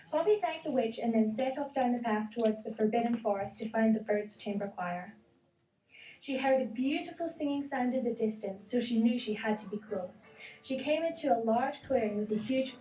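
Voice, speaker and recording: A woman's voice: fairly high pitch, a little fast, warm tone. Woman reading a children's story in a roomy space. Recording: roomy, distant, faint hiss.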